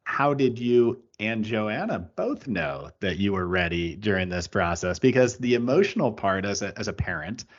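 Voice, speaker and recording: A man's voice: lowish voice, animated, moderate pace, few pauses. A man hosting a podcast, with a mid-range voice that rises and falls a lot. His questions are long and earnest, and he restarts them often. The recording sounds dull and lo-fi. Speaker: podcast host. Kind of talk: interview questions. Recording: dull lo-fi audio.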